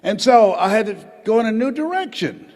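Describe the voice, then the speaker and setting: A man's voice: sits high, sing-song, darkish tone. An older man, a motivational speaker from the United States, addressing a live audience and calling on them to raise hands and repeat after him. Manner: calls for audience responses, dramatic pauses. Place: large auditorium. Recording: hall reverb.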